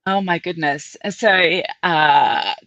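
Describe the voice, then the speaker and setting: A woman's voice: fairly low pitch, slow, a bit bright, dry recording, dull audio. An Australian woman chatting as a guest, laughing often and explaining with little exercises. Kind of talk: casual video-call chat.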